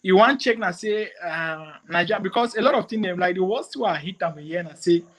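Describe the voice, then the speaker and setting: A man, a comedian chatting in an interview, animated and quick to slip into French. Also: high voice. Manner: animated, switches into French and mimicry. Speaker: comedian guest. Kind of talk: casual interview chat.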